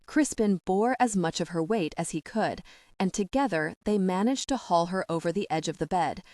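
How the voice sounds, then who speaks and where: A woman with a low, even voice reads a historical romance aloud in measured, dramatic storytelling. The close studio sound is dry, with no room around it. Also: dry recording. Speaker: audiobook narrator. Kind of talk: scripted narration.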